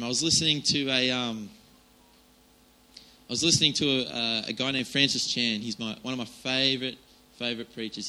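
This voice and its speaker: A man's voice: medium pitch, sharp tone, low-quality recording. A man giving an informal, chatty sermon, with many fillers and restarts. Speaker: preacher.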